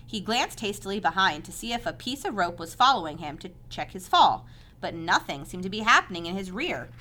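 Lady reading a kids' book out loud, lively expressive voice, calm steady telling. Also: medium pitch. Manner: measured, expressive storytelling. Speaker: narrator. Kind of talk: reading a children's novel aloud.

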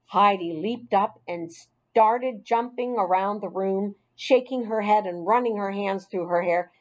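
A woman narrating a children's audiobook in a clear, expressive storytelling voice. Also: mid-range voice, measured pace, hardly any pauses.

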